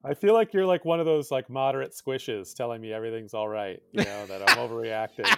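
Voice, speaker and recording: A man in his thirties, a podcast co-host, telling a story in a lively, laughing way. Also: mid-range voice, brisk, creaky. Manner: animated storytelling, laughing often. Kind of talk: casual chat.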